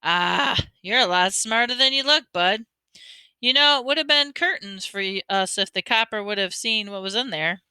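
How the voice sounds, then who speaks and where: A kindly older man with a teasing, folksy way of talking, as a woman reads him aloud. He explains things patiently to a boy and calls him bud. The voice is bright and smooth, in a dry, close audiobook sound. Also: mid-range voice, lively intonation, moderate pace, dry recording. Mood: mock serious. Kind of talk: audiobook reading.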